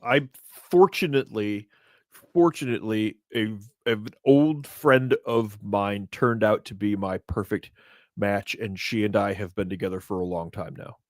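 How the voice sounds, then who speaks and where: A man in his fifties co-hosting a casual talk show, animated and indignant, his voice jumping up when he gets worked up. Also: on the low side, unhurried, no room sound, studio quality. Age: 50s. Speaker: podcast co-host.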